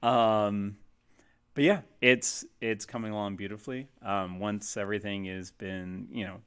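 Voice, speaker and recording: A man's voice: on the low side, fairly even intonation, measured pace, a bit bright, clear, resonant tone. A man chatting casually on a livestream, rambling and self-deprecating with lots of fillers, testing his webcam mic. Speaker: game cafe streamer. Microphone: webcam mic, testing placement.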